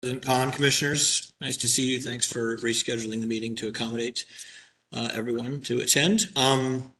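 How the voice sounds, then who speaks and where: A man giving an executive director's report at a public commission meeting, measured and careful, with frequent ums and throat-clearing. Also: medium pitch, steady tone, a bit bright, far from the mic, poor audio.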